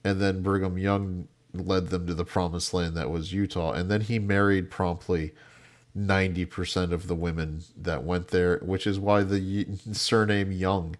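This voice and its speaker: A man hosting a casual political panel show, talking fast with quick asides and cutting in on others. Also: low voice, steady tone. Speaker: host.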